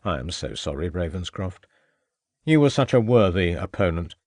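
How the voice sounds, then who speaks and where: A man voicing a scheming, murderous Victorian gentleman who gloats and sneers at the inspector. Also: low voice, big pitch swings, normal speed, no echo, studio quality, exaggerated voice. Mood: menacing.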